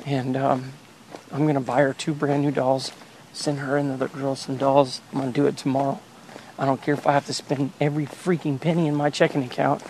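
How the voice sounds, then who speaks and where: A man's voice: mid-range voice, flat delivery, brisk, darkish tone, a little hiss or hum, poor audio. A father recording an emotional personal video diary, talking earnestly and sighing often, from inside a car while driving.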